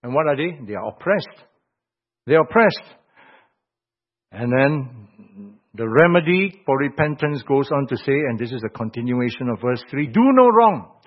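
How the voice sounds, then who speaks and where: A man preaching an expository sermon, reading scripture aloud in King James wording and swinging between loud emphatic phrases and quiet asides. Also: mid-range voice, moderate pace. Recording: dull lo-fi sound.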